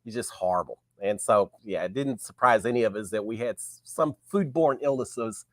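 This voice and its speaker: A man, hosting a live stream while sick, his voice raspy, greeting viewers by name in folksy casual chat. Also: mid-range voice, expressive, moderate pace, dry recording, studio quality. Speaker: show host.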